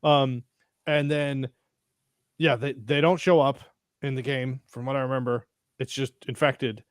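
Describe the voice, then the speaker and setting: A man co-hosting a casual review podcast, talking in a middle-pitched voice and cursing freely as he retells scenes. He gets excited and acts out the characters' reactions. The sound is dry and close, with no room echo. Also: unhurried. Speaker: podcast co-host. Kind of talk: casual chat reviewing a TV episode.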